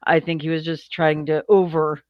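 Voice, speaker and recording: Man with a slightly high voice and muffled sound. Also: little pitch movement, moderate pace, dry recording. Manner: agreeable, short backchannel replies. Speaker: podcast co-host. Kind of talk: casual movie review chat.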